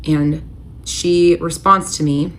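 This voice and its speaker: Emotional woman vlogger, slightly low voice, faint hiss, telling her own story. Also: steady tone, slow pace. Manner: emotional, candid, uses filler "like" often. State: tearful at moments. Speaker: storyteller recounting her marriage. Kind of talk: confessional storytime vlog.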